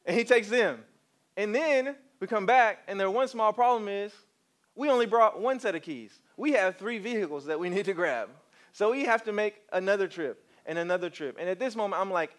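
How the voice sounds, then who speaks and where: A man preaching a sermon. He tells stories in an animated way and coaxes the congregation to respond. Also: high-pitched, moderate pace.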